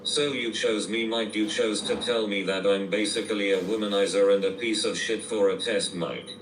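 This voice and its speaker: A text-to-speech male voice reading out viewer messages in a flat, mechanical way. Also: on the low side, normal speed. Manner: flat, mechanical delivery, reads out emoji names. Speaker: text-to-speech chat reader. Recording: roomy, distant and noisy playback.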